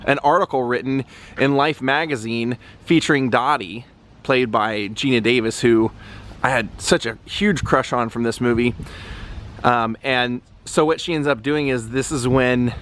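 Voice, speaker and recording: A man hosts a casual walking vlog outdoors around a stadium. He talks in a rambling, chatty way with plenty of ums, at an ordinary mid-range pitch. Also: a bit bright. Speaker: travel vlogger visiting film locations.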